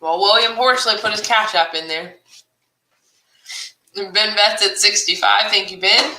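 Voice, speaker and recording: A woman runs a live online auction, laughing easily as she reads out viewer comments and calls the bids. Her voice is very bright and ringing. The room around her has a noticeable echo. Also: medium pitch, steady tone, a little slow, a little hiss or hum. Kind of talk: live-stream auction chat. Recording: roomy echo.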